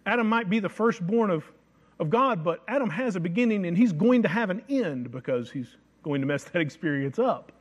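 Emphatic high-voiced male preacher. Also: expressive, muffled recording. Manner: emphatic, slows to stress scripture phrases. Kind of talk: sermon.

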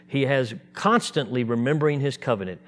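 Guy preaching a sermon, animated, does little voices for the people in his story. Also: mid-range voice, a little fast. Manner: animated, acts out voices in quotes.

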